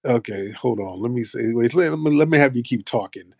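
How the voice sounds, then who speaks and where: American man, casual host, profane teasing banter, mid-pitched, dry close sound. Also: fairly quick, creaky, a little mellow, dry recording. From United States. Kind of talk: casual live-stream chat.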